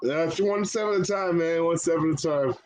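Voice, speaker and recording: A man's voice: a little high, moderate pace, over a noisy crowd, low-quality recording. A man, a guest wrestler, chatting casually and laughing through his stories. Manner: laughing storyteller. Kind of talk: casual chat.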